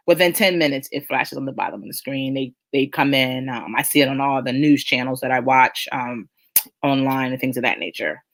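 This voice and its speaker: A woman's voice: a bass voice, brisk. A middle-aged woman hosting a casual live chat, talking emphatically and reading out viewer comments. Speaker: host of a live chat show.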